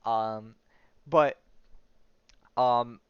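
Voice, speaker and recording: A man's voice: medium pitch, fairly even intonation, extremely slow, clear, resonant tone, dry recording, dull audio. A man hosting a casual podcast, talking loosely with lots of fillers, tag questions and swearing as he retells a story. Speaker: podcast host.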